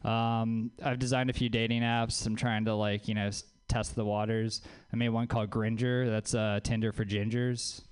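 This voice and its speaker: A man's voice: on the low side, little pitch movement, moderate pace, few pauses, smooth. A man from Louisiana doing a stand-up comedy set on a club stage, dry and self-mocking, with crude asides.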